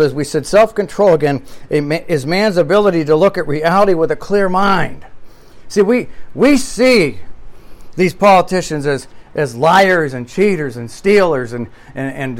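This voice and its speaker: Emphatic preaching man, higher voice. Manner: emphatic preaching with swings between loud and quiet. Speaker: pastor. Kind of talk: sermon.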